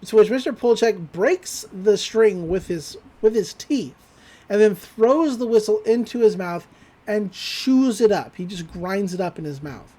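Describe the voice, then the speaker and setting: A podcast co-host talks through a cartoon episode in an animated retelling, with giggles along the way. The voice sits at a middling pitch. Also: a little slow.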